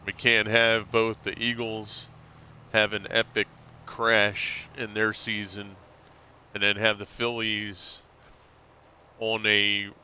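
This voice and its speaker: A man's voice: fairly low pitch, bright, forceful tone, smooth. A man streaming live, chatting casually and rambling, calling his viewers bro. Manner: laid-back, rambling, calls viewers bro.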